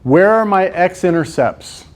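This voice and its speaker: A man teaches math in a classroom, his voice sitting a little high for a man. He keeps coaxing his students along and checks in with them again and again as he works through each step. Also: expressive, slow. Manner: coaxing, quizzes students with frequent "right?". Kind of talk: classroom lecture.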